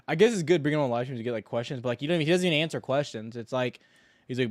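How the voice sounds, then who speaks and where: A man's voice: mid-range voice, racing, dry recording. Young man, livestream host, casual trading chat, rambling, slangy, joking, dry close sound. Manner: rambling, joking, slangy, with bursts of loud mockery.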